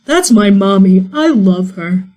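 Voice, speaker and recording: A woman's voice: medium pitch, animated, a little slow, warm tone, voice pushed down, close to an everyday voice. Cast note: a cheerful, simple-minded dog in a tabletop game, short childlike lines, voiced by a woman. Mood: affectionate. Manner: childlike, plain short sentences. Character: eager happy male dog, simple and affectionate.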